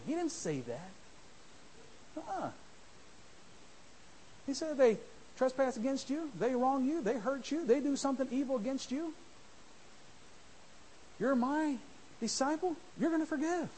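A man preaching a sermon in church, rising to shouts and dropping to a hush, mimicking his listeners. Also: very high-pitched, animated, a little slow, pauses often, slight background noise, poor audio. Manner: swings from shouting to soft, mimics church members. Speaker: visiting preacher.

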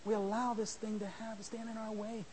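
A man preaching a sermon in church, rising to shouts and dropping to a hush, mimicking his listeners. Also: high voice, level tone, normal speed, slight background noise, rough recording. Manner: swings from shouting to soft, mimics church members. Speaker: visiting preacher.

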